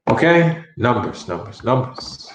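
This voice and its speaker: A man teaching a Spanish lesson, speaking slowly and enunciating clearly, repeating phrases over and over. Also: medium pitch, big pitch swings, reverberant, very noisy. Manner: slow, deliberate enunciation with many repetitions. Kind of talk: online language lesson.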